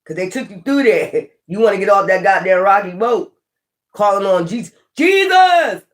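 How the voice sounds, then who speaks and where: High-voiced, preachy male tarot reader. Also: a little fast. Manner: preachy, profane, repeats catchphrases. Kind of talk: casual spoken tarot reading.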